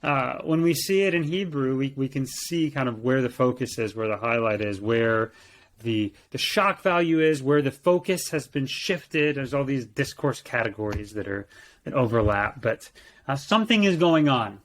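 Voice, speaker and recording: A man's voice: mid-range voice, moderate pace, a bit bright. A man co-hosting a conversational Bible lesson, thoughtful and given to restarts and repeated words. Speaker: co-host, teacher.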